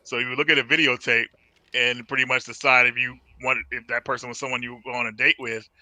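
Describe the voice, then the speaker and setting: Male guest, mid pitch, very bright tone, easygoing review chat, dry mic. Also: quick pace, no room sound, rough recording. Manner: relaxed, describes scenes plainly, quiet back-channel replies. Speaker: guest co-host. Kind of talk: casual movie review chat.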